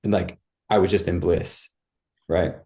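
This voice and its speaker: A man's voice: low-pitched, fairly even intonation, unhurried, warm tone. A man guest on a podcast, telling a personal story in casual talk, acting out his own cries and thoughts and saying "dude" and "like" a lot.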